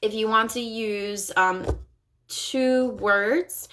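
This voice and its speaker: Guiding parents through home practice, this woman speech-language pathologist says words slowly, overarticulating them, and praises cheerfully. Her medium-pitched voice is pushed and bright, with fairly even intonation.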